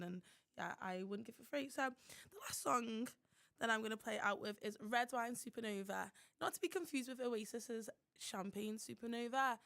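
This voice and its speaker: Young woman radio host, chatty and playfully boastful, with a gravelly fry in her voice. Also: medium pitch, a bit bright. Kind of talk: casual radio chat.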